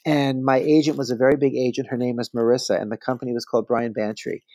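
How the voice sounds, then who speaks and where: Animated storytelling man in his fifties. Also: mid-range voice, fast, no room sound. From New Jersey. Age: 50s. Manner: animated, gossipy anecdotes with playful asides. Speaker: celebrity stylist, podcast guest. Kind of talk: casual interview storytelling.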